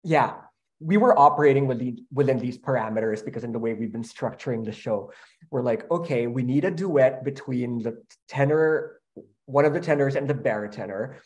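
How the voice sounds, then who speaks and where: A man who writes musicals, talking earnestly in a relaxed conversation, halting often with fillers and restarts. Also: medium pitch. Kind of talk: casual panel conversation.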